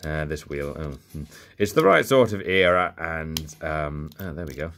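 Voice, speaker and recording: Digging through a bag of vintage toy cars, a young vlogger jokes around in rambling, casual commentary full of muttered asides. His voice is extremely low yet a bit bright, expressive, and moderately paced.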